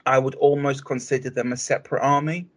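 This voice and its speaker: A man co-hosting a hobby podcast, speaking in a measured, explanatory way with frequent restarts. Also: mid-range voice, flat delivery, slight background noise. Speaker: podcast co-host. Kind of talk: casual chat.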